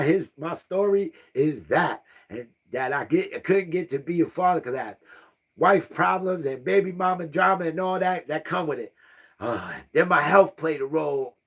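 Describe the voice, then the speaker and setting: A vlogger in his fifties tells a personal family story in a slightly high voice at a moderate pace, with lo-fi sound. He rambles and repeats himself, often sighing and asking "right?"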